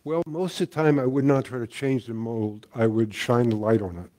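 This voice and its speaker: An older man giving a talk as a guest teacher, telling stories in a relaxed way with frequent chuckles. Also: medium pitch, normal speed. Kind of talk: storytelling talk.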